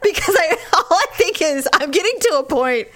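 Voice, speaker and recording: A woman in her forties telling a funny story in casual chat, laughing often and acting out what people said. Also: normal speed. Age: 40s. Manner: animated, laughs often, acts out quoted lines in a high voice.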